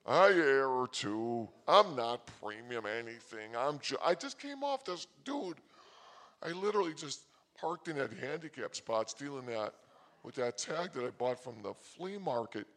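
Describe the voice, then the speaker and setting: Excitable rambling male comic. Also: medium pitch. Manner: excitable, loud bursts, quick asides. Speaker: comedy host.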